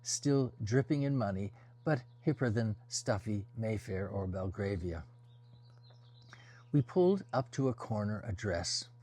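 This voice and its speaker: A man reading a first-person novel aloud as an audiobook, in a measured, descriptive storytelling manner. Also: lowish voice, lively intonation, dark tone. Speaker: audiobook reader.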